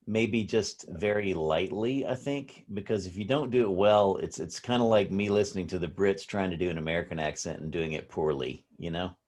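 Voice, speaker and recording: A man with a deep voice joins a casual workshop discussion. He talks hesitantly and thinks aloud as he gives his opinion. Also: darkish tone.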